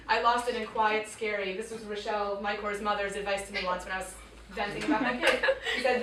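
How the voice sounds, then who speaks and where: A woman in her thirties, a teacher telling a lively personal story to a school audience, acting out voices and dropping to quiet tones. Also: medium pitch, fast talker, slight background noise. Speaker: teacher speaking to students. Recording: echoey room picked up from far off.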